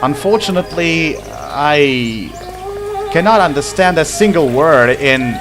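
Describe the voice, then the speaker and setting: Slow, animated male game commentator. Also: a little high, over music. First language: not English. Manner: chatty, laughs at the game, drawn-out pauses. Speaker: let's play commentator. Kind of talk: casual gameplay commentary.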